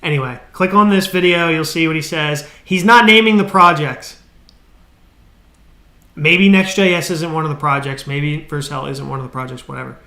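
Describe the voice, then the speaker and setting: A man's voice: on the high side, fairly even intonation, moderate pace, pushed and bright, roomy sound. A man live-streaming his coding, ranting in a casual, exasperated way, swearing and restarting his sentences.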